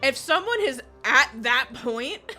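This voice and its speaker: A woman's voice: sits high, expressive, slow pace, pushed and bright, faint music behind. A woman streamer chatting casually while gaming, swearing constantly and laughing often as she rants. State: recovering from illness.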